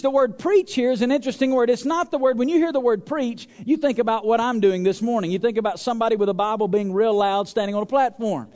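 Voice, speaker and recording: High-voiced preaching man, emphatic. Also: long reverb tail. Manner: emphatic preaching, asks the congregation to answer aloud; swings between loud stressed phrases and low quiet asides. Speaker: pastor. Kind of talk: sermon. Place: church.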